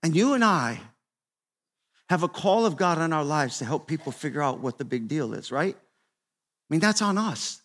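A man in his fifties preaching a sermon to a room, conversational and repetitive, swinging between quiet asides and emphatic, raised exhortation. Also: on the high side, sing-song, normal speed, long pauses. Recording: long reverb of a large hall.

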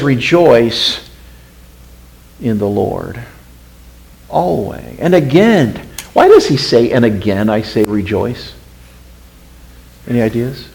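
A man preaching a sermon as pastor questions his congregation, swinging between hushed, intimate passages and emphatic, raised ones. His voice is mid-range and gravelly, and the audio is poor.

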